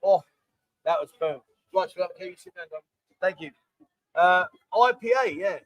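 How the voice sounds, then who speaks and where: A man's voice: high-pitched, normal speed, dry recording, poor audio. A man hosting a casual live chat show from a bar, chatty and scattered, thanking people by name as he goes. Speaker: host. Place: Pattaya bar.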